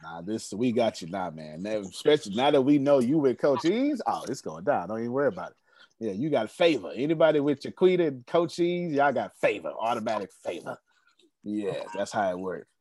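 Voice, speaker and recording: A man's voice: mid-range voice, very animated, a little fast, a little mellow, a little hiss or hum. A man in his forties hosting an online business coaching meeting, emphatic and repetitive, laughing often and hyping up the group. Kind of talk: lively group video-call coaching.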